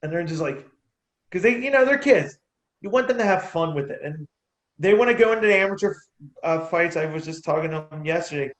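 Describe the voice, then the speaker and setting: Animated man, coach telling stories, roomy echo. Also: a little high, brisk. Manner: animated, laughs between anecdotes, restarts sentences. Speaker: amateur boxer and youth boxing coach. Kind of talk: casual interview storytelling.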